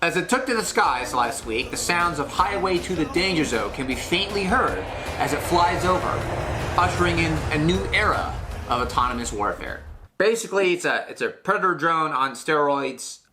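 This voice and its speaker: A young man hosting a comedy segment, sarcastic and excitable, swinging from loud to soft in a small studio. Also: fairly high pitch, moderate pace, noisy background. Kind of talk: comedic rant. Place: small studio with blue sheet backdrop.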